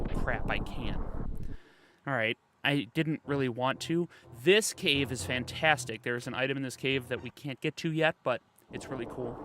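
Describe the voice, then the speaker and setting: A man streaming a video game, joking casually and talking to his chat as he plays. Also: medium pitch. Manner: chatty, jokey, talking to chat. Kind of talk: casual gameplay commentary.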